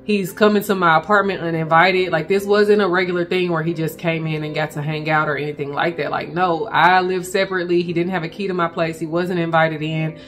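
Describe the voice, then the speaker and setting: A woman recounting a frightening personal experience to her viewers, speaking in halting bursts and addressing them directly. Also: on the low side, little pitch movement, a bit bright, soft background music. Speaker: vlogger telling a personal story. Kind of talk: emotional personal storytelling.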